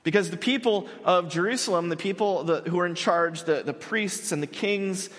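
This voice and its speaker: An earnest young male pastor preaches with a slightly high voice. He talks in halting bursts and restarts his phrases often. His voice rings with a long reverb from a large church hall. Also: a bit bright. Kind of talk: sermon.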